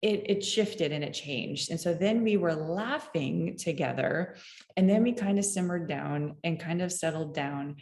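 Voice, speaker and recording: A woman's voice: fairly low pitch, unhurried, a little mellow. A woman hosting a parenting show, sharing a personal story in a candid, musing way and often chuckling at herself. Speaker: parenting podcast host. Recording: roomy echo.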